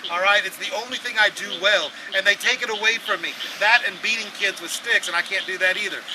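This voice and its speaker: A man preaching an outdoor sermon, telling the story in an animated, sarcastic way and acting out voices. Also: high voice, brisk. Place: outdoors at a campsite. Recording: windy outdoor noise.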